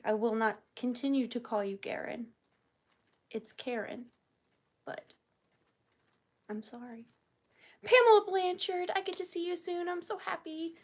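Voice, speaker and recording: Bubbly high-voiced woman. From Georgia, US. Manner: bubbly, playful, chatty. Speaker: online vintage seller hosting a live sale. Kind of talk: live-stream chat greeting viewers.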